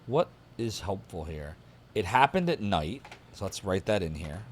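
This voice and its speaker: Lively low-voiced male game streamer. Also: moderate pace, a little hiss or hum. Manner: chatty, thinks aloud while taking notes. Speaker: streamer playing a detective game. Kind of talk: casual live-stream commentary, reading game text aloud.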